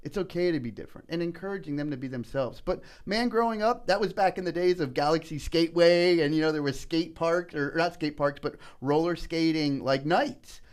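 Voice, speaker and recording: A middle-aged man telling personal stories in a casual podcast chat, earnest and animated, often saying "man" and "you know". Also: fairly high pitch, a little fast, hardly any pauses, smooth. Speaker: political candidate guest.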